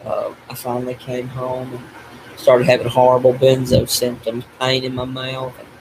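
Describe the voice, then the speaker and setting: An older man talking in a tearful video diary, grief-stricken and blaming himself, speaking haltingly with restarts and breaking off as he cries. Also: medium pitch, monotone, darkish tone, slight background noise, low-quality recording. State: crying. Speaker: vlogger.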